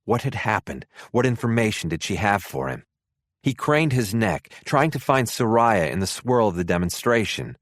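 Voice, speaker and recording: Low-voiced, expressive male audiobook narrator. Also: moderate pace, no room sound, clean studio sound.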